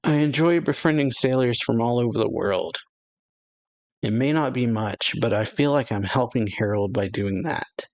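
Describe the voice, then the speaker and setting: A man's voice: mid-range voice, moderate pace, no echo, natural voice. A man reading a kind sick tavern mother. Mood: tender.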